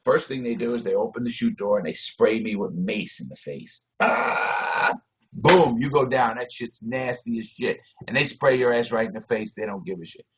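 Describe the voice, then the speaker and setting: A blunt, foul-mouthed man talks over a video call in a mid-pitched voice. He swings between loud bursts and low mutters. The call audio is dull and lo-fi. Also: animated, a little fast, few pauses, a little hiss or hum. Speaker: interview guest.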